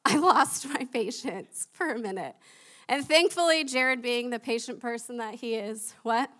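High, bright-voiced young woman preaching. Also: measured pace. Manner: chatty and animated, laughing at herself. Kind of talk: sermon.

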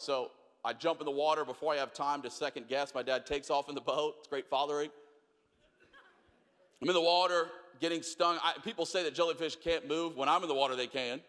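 Bright-voiced man preaching in a reverberant hall. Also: a little high, fairly quick. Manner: animated storyteller, acts out voices, drops to quiet questions. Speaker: pastor. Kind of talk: sermon with storytelling. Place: large church hall.

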